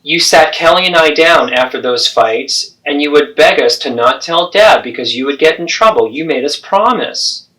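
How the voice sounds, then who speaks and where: A man's voice: fairly high pitch, expressive, moderate pace, few pauses, bright, forceful tone. A man playing an adult daughter who earnestly and persistently confronts her mother in a therapeutic role-play.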